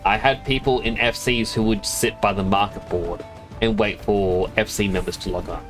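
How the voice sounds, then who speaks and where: A man's voice: lowish voice, fairly even intonation, normal speed, soft background music. A man streaming a game, chatting casually in a rambling, self-amused way. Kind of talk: casual chat while gaming.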